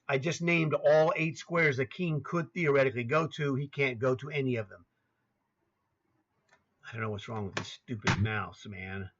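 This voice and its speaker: A man's voice: mid-range voice, a bit bright, highs cut off. A man in his sixties teaching chess over a screen share, talking casually, naming squares aloud, and grumbling to himself now and then. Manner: chatty, grumbling asides, names squares aloud. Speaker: chess coach. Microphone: laptop setup.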